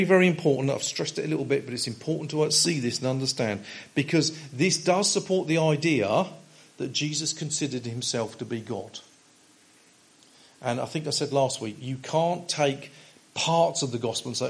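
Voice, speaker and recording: A man preaching an expository sermon. He reads a passage aloud and then explains it with emphatic stresses, using some filler pauses and restarts. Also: medium pitch, gravelly.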